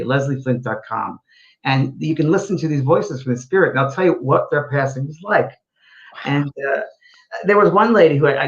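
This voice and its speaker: A man hosting a livestream talk show, telling stories in an animated way with frequent restarts. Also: a little high, highs cut off. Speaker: host. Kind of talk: casual chat on a livestream show.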